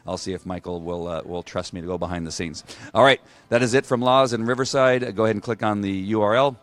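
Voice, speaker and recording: A man's voice: lowish voice, fast talker, fairly bright tone. A man hosting a casual live stream from a restaurant bar, chatting with viewers and rambling as he reads their comments. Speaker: livestream host.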